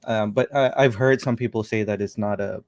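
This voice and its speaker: A man's voice: on the low side, steady tone, brisk, no echo, clean studio sound. A man hosting a casual livestream chat, rambling and thinking aloud as he talks. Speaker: show host.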